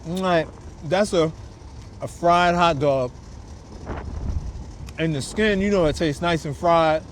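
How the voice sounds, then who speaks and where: A man's voice: a little high, takes it slowly. A man hosting a casual food review vlog, chatting to viewers in laid-back slang outdoors on a windy city street. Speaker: food vlogger host.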